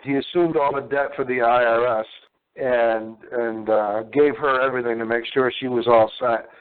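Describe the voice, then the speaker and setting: A man talking on a radio show in a hesitant, halting way with many pauses and fillers. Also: mid-range voice, steady tone, clear, resonant tone. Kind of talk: conversational radio chat. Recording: tinny phone line.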